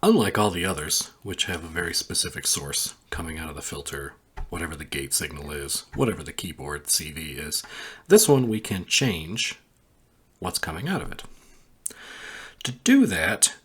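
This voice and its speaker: A man hosting a synthesizer tutorial, calmly explaining each step while pressing buttons on the instrument. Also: sits low, slightly rough. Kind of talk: casual hands-on tutorial.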